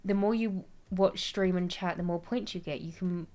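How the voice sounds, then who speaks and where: A young woman with a lowish, darkish voice and fairly even intonation chats at a normal speed while streaming a game. She reads the chat aloud, rambles, jokes about herself, and laughs frequently.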